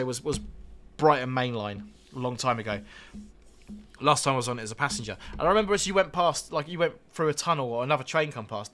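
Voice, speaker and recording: Bright-voiced chatty man streaming. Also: medium pitch. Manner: chatty, laughs often, reads out viewer messages. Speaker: train driver streamer. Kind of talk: casual live-stream chat.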